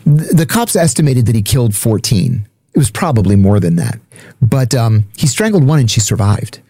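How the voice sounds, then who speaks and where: A man's voice: mid-range voice, sing-song, moderate pace, warm tone, no echo, studio quality. A man speaking as a guest, telling a story in a blunt, profane, matter-of-fact way. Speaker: podcast guest. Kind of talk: casual storytelling.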